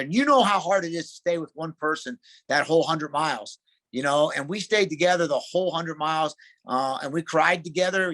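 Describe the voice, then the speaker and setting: A middle-aged man, a wrestling coach, chatting as a podcast guest in an emphatic, excitable way. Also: fairly high pitch. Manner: emphatic, excitable, calls people dude. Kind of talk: casual interview chat.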